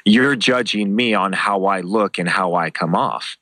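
A man's voice: a little slow, dry recording. A man telling casual anecdotes as an interview guest, swearing freely and acting out other people's lines. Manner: animated, acts out quoted dialogue with pitch jumps. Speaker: interview guest, former MMA show host.

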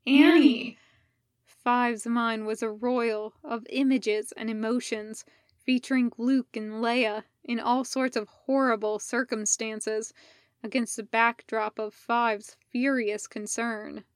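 A woman reading a fan fiction story aloud as narrator, slow and deliberate. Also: a little high, little pitch movement, no room sound, studio quality. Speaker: podfic reader.

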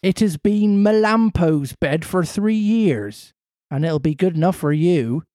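A man doing a gruff Cornish farmer. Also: high-pitched, animated, dark tone, no room sound, clean studio sound. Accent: put-on Cornish. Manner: slow, rough, threatening. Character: angry gruff middle-aged male farmer.

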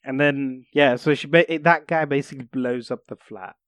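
A man's voice: mid-range voice, moderate pace, fairly bright tone, no room sound, clean studio sound. A young man co-hosting a casual film chat, rambling and hesitant as he recaps scenes. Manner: rambling, hesitant, lots of fillers. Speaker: podcast co-host.

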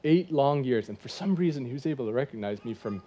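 Pastor in his 40s, mellow warm tone, chatty sermon delivery with questions to the congregation. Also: mid-range voice, expressive, fast. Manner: conversational preaching with rhetorical questions. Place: church.

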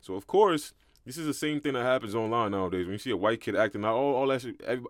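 A man's voice: mid-range voice, lively intonation, rapid-fire, no echo, studio quality. A young man with a Brooklyn accent, chatting on a podcast and telling street stories with plenty of "feel me.". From Brooklyn, New York. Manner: streetwise storytelling, says "feel me" often. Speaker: podcast co-host. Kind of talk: casual podcast chat.

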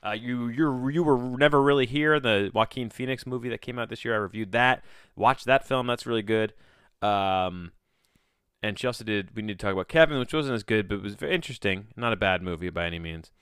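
A man's voice: mid-range voice, a little fast, a bit bright, clear, resonant tone, no room sound, clean studio sound. A man hosting his own podcast, talking in a rambling, offhand way on a home mic and often breaking off mid-sentence. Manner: rambling, offhand, self-interrupting. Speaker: podcast host. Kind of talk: casual solo podcast monologue.

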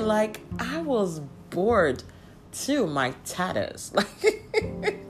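A woman in casual storytelling, candid and lively, with exasperated asides and frequent laughs. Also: mid-range voice, very slow, pauses often, a little hiss or hum.

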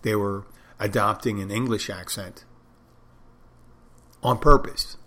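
A man's voice: fairly low pitch, steady tone, slow, pushed and bright. Man rambling through a casual monologue. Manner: rambling, self-interrupting, conversational.

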